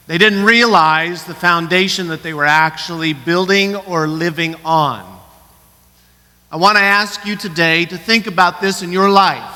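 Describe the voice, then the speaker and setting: Bright high-voiced preacher in a reverberant church. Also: male voice. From Colorado. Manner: earnest, questioning, shifts between quick and slow emphatic delivery. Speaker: pastor. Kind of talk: sermon. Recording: church hall with long reverb.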